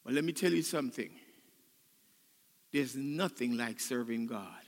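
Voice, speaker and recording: An older man preaching a sermon as pastor, choked up and emotional, building to loud, fervent passages. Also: mid-range voice, lively intonation, measured pace, long reverb tail. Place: church sanctuary.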